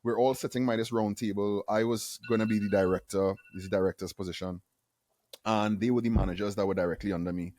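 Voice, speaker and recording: A man from Trinidad and Tobago, a guest on an interview show, telling a story in a lively way and acting out the quotes. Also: fairly low pitch, a little fast, no echo. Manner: animated storyteller who acts out quotes. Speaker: guest, university AV manager.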